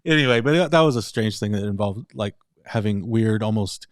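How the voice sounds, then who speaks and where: A man's voice: fairly low pitch, expressive, normal speed, no room sound, studio quality. A man in casual chat, telling a story in a rambling way, often laughing and slipping into other voices. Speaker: podcast co-host.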